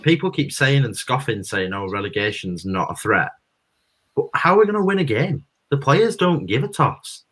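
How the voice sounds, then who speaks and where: A man's voice: fairly high pitch, big pitch swings, normal speed, few pauses, fairly bright tone, slightly rough. A man co-hosting a live football watchalong, bluntly pessimistic about his team's chances. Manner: gloomy and blunt. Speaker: football fan co-host. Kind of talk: casual live watchalong chat.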